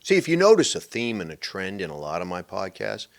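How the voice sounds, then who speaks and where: A man's voice: deep voice, huge pitch swings, brisk, creaky. A man hosting a solo podcast, ranting sarcastically and mimicking people in exaggerated voices, laughing often. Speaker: podcast host. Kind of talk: animated solo podcast rant.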